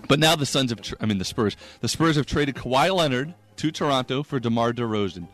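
A man's voice: medium pitch, animated, a bit bright, faint music behind. Man doing a joke-filled sports monologue. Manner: quick joke delivery, laughs at own jokes. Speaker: comedy sports segment host.

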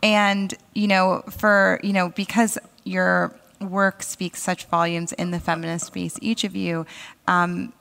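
A woman's voice: lowish voice, little pitch movement, slow pace, gravelly, a bit bright, big-room sound. A woman hosting an interview, asking long, musing questions with plenty of fillers. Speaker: podcast host and interviewer. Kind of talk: interview conversation.

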